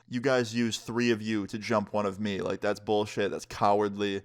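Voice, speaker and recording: A man's voice: fairly low pitch, level tone, normal speed. A young man vlogger telling a story time in a laid-back, casual way, swearing freely.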